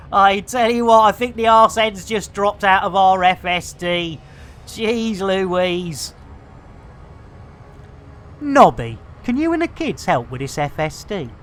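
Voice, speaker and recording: A streamer chats through a space game with rowdy jokes and rambling asides. The voice swings widely in pitch and sits at a middling height. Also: bright, forceful tone. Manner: boisterous, jokey, rambling. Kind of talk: playing a space game and chatting.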